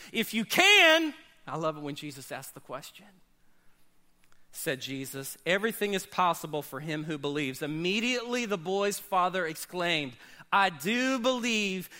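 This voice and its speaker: Man, pastor, sermon, high voice, bright tone, loud and soft swings. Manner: dynamic preaching, swinging between loud high bursts and low quiet asides.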